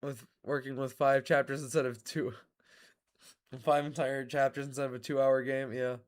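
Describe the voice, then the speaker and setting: A man streaming a video game, chatting casually, swearing and bursting into excited shouts at the screen. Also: mid-range voice, normal speed.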